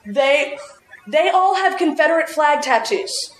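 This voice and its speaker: A talkative woman with a somewhat high voice tells animated stories and laughs often as she goes. She sounds a little echoey, as if in a reverberant room. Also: a little slow. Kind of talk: casual chat.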